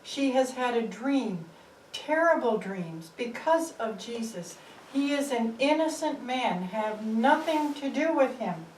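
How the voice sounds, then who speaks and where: A woman playing a male messenger bursting in with an earnest, pleading warning. Her voice sits high and sounds distant and roomy, with faint ambience behind. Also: expressive, slow pace, slight background noise. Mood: urgent.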